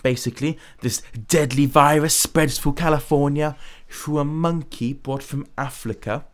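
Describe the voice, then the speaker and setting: A man playing a crude, irreverent nun who hosts a comedy web show, talking with a British accent in a rambling, deadpan, sweary monologue. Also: on the high side, normal speed, close to an everyday voice. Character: irreverent crude middle-aged nun host. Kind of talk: scripted comic monologue.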